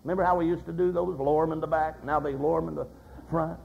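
Older preacher with a high gravelly voice. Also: male voice, fairly even intonation, fast talker, a little mellow. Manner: folksy storytelling with voiced anecdotes. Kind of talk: sermon. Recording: dull lo-fi recording.

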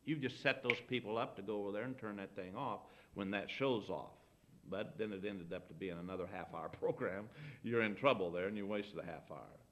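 A man's voice: on the low side, a little fast. A middle-aged man giving folksy, anecdotal advice as a pastor, acting out bits of dialogue as he teaches. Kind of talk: folksy sermon talk.

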